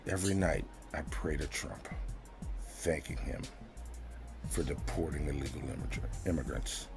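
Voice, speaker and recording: A man co-hosting a comedy podcast, reading a mock-solemn story in a slow deadpan. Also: extremely low pitch, over music. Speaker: podcast co-host reading a comic piece. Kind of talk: comedic reading and casual chat.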